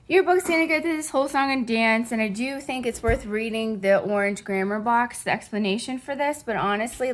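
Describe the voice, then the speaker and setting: A woman Spanish teacher giving a recorded online grammar lesson, chatty and reassuring, slowly drilling verb conjugations into a close microphone. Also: medium pitch.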